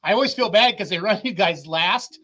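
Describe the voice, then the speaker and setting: A man hosting a livestream show in casual chat, excitable and chatty, laughing often. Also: sits high, moderate pace.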